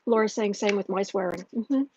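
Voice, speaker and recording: A woman hosting a casual livestream and reading viewer comments aloud, chatty and quick to laugh. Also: medium pitch, darkish tone, lo-fi sound, a little hiss or hum. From northern United States. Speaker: tarot reader and channel host.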